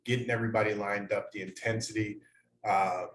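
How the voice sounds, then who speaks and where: Relaxed male guest in an echoey room. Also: fairly low pitch, fairly quick. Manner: relaxed, hesitant with fillers. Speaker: guest, former college football player. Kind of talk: casual interview answers.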